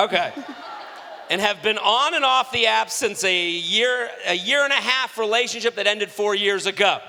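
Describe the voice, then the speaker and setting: A man in his thirties co-hosting a live comedy podcast, loud and crude, laughing often. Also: sits high, lively intonation, normal speed. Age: 30s. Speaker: podcast co-host. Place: theater stage before a live audience. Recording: reverberant live venue, faint noise.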